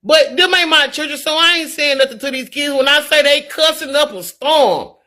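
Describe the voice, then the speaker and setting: A middle-aged woman speaks candidly on a live stream, reading viewer comments in a high, pushed, bright voice at a moderate pace. She's earnest and preachy, repeating words as she gets worked up.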